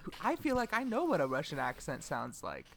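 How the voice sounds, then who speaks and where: A man's voice: a little high, wildly swooping pitch, fairly quick, creaky, fairly bright tone, slight background noise. A young man co-hosting a casual comedy podcast, rambling and hesitant, laughing at himself. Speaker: podcast co-host.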